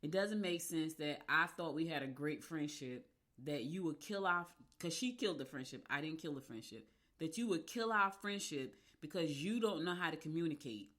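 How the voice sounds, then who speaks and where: Middle-aged woman host from Newark, lowish voice, animated and candid casual monologue. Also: moderate pace. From Newark, New Jersey. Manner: animated, candid, swears freely. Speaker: radio show host.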